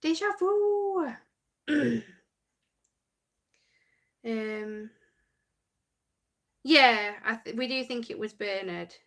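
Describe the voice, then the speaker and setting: A woman's voice: medium pitch, a bit bright. Giggly woman hosting a livestream. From United Kingdom. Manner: chatty, giggly, reads viewer comments aloud. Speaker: livestream host reading chat. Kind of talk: casual livestream chat.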